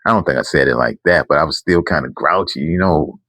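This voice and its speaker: Brief: deep middle-aged male storyteller, rambling and emphatic, dry close sound. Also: fast talker, a bit bright, no room sound. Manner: rambling, self-correcting, emphatic. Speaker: channel host telling a story. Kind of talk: casual storytime monologue.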